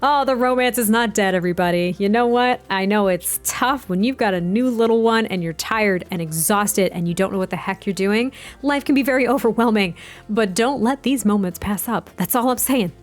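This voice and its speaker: A woman's voice: medium pitch, normal speed. Young woman rambling thru her sim game, giggly, lots of ums, faint music behind. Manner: chatty, giggly, rambling with many fillers. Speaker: gaming video host. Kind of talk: casual let's-play commentary. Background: faint background music.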